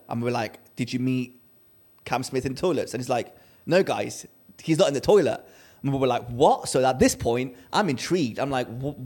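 A man co-hosting a podcast, telling a story in casual chat and acting out the quotes with lively energy. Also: medium pitch. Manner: animated storyteller, acts out quotes. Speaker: podcast co-host.

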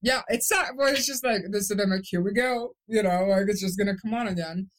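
Talking fast in a mid-range voice, a young woman on a podcast shares her experience as a stroke survivor. She's emotional and candid, rambling and restarting as she goes.

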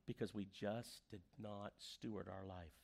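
A man's voice: fairly low pitch, measured pace, creaky. A man preaching a sermon as pastor, telling stories and acting out the quoted voices. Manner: animated storyteller, acts out quoted voices.

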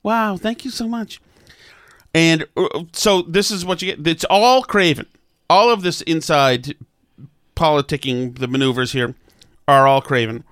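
A man's voice: fairly high pitch, unhurried, a bit bright, clear, resonant tone, dry recording, studio quality. A man hosting a political talk show, giving blunt, sarcastic commentary with frequent stammered restarts.

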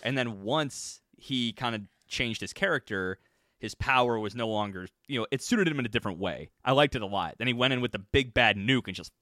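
A man in a casual podcast chat who talks in a relaxed, laid-back way. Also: mid-range voice, fairly quick, no echo, clean studio sound. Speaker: podcast co-host. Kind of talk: casual chat about anime.

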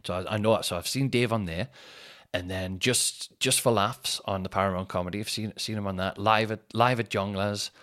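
A man, a comedian and podcast host telling stories in a rambling, sweary, animated way. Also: on the low side, normal speed. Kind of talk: casual storytelling chat.

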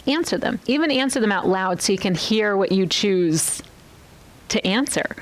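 A woman's voice: medium pitch, lively intonation, moderate pace, rough recording. A woman teaching from the Bible in a podcast talk. She speaks earnestly and often turns to ask the listener questions.

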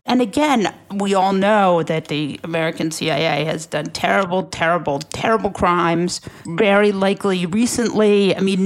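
A woman hosting a podcast in casual chat, animated, wry and profane. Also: mid-range voice. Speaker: podcast host.

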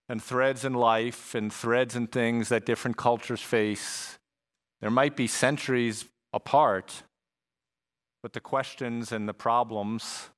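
A man preaching a sermon in a casual, conversational way, full of slang and asides. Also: mid-range voice. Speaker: pastor.

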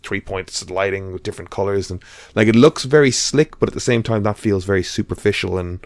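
A man's voice: on the low side, a little fast, dry recording. Dry-sounding rambling male podcast host. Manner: rambling, hesitant with many fillers. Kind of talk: casual chat.

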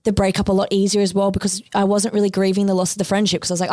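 Fast-chatting woman. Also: medium pitch, flat delivery, warm tone, dry recording, clean studio sound. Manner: chatty, heavy use of "like". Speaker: podcast guest. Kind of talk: casual chat.

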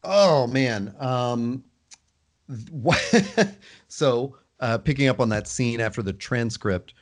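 A man's voice: mid-range voice, lively intonation, takes it slowly. A man co-hosting a casual chat, enthusiastic but hesitant, with many restarts. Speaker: podcast co-host. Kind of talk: casual chat about a book series.

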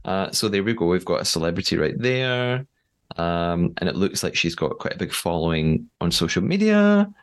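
A man with a fairly low voice hosts a podcast in a loose, chatty way. He laughs easily and fills pauses with "uh" and "um". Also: sing-song. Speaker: podcast host. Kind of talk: casual podcast chat.

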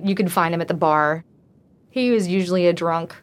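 A woman's voice: fairly low pitch, moderate pace. A woman casually telling her own true story, talking in a loose way with frequent "like" fillers.

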